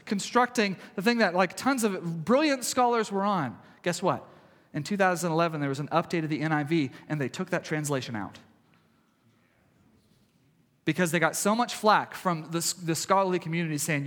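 A male pastor preaching a sermon in a conversational way, swinging from loud emphasis to hushed, quiet passages. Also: sits high, normal speed, in a large hall.

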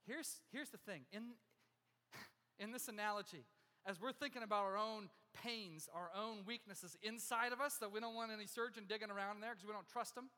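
A man's voice: high-pitched, moderate pace, sharp tone. A man preaching, telling a personal story with self-mocking humor and acting out the other people in it. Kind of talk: sermon storytelling. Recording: long hall reverb.

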